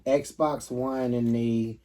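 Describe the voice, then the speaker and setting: A man's voice: mid-range voice, fairly even intonation, drawn-out words. Man, chatty host, trails off mid-thought, distant mic, faint noise. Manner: laughs loudly, trails off searching for words. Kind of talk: casual chat, asking questions.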